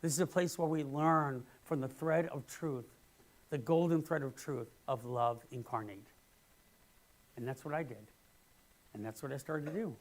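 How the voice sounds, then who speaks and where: A male minister giving a sermon in an earnest way, dropping to hushed words and then rising to emphatic ones. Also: medium pitch, normal speed. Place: church sanctuary.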